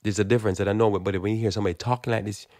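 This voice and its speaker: A man's voice: fairly low pitch, steady tone, very fast, a little mellow, no echo. A man giving a blunt, emphatic, informal sermon, often repeating words as he builds his point. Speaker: Christian preacher. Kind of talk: informal preaching monologue.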